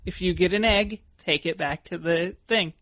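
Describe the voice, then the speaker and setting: A podcast co-host chatting casually, laughing often while telling stories and giving quick tips. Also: mid-range voice, fairly bright tone. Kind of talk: casual chat.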